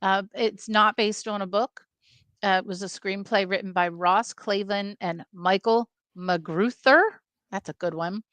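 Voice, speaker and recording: A woman talks films on a video call, chatty and explanatory. Her voice sits at a middling pitch for a woman. The sound is dry with no room around it. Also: steady tone, measured pace, fairly bright tone, no room sound. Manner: chatty, explains background facts with many fillers. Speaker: film podcast co-host. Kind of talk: casual film discussion.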